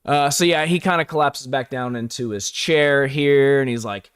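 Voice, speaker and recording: A man's voice: medium pitch, normal speed, clear, resonant tone, no echo. Guy rambling thru a stream recap, lots of "like", dry close sound. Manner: rambling, filler-heavy, chuckling asides. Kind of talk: casual live-stream recap commentary.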